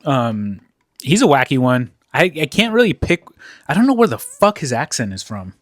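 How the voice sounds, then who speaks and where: A man's voice: mid-range voice, sing-song, moderate pace, no echo, clean studio sound. Profane rambling male podcast co-host. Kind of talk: casual chat.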